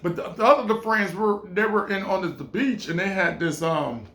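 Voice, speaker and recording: A man from California, telling a rambling vacation story in a casual vlog. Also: normal speed. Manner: rambling, repeats himself, swings between low mumbles and excited high bursts. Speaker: vlogger.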